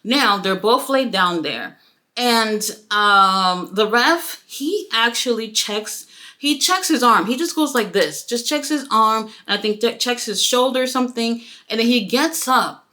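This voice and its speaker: A woman's voice: on the high side, a little slow. A woman giving a casual, profane wrestling review, acting out the quotes. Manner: animated, profane, acts out quotes.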